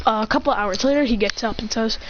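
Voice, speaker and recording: A woman telling an improvised fan story with excitement, acting out voices and sound effects. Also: fairly high pitch, brisk. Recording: dull lo-fi with faint noise.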